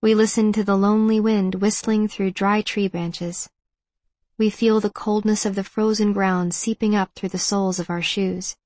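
A woman narrating a first-person audiobook in a reflective, measured way. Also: medium pitch, fairly even intonation, a little mellow, no echo.

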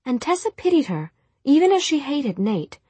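A woman giving a measured audiobook narration of a novel. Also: high-pitched, sing-song, darkish tone, no echo. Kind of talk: scripted narration.

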